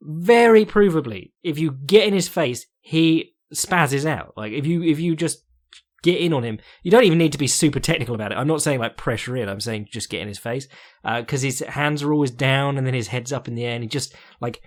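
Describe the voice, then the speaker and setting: A man hosting a podcast, breaking down fights in a rambling, casual way with sweary jokes and chuckles. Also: mid-range voice. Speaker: podcast host.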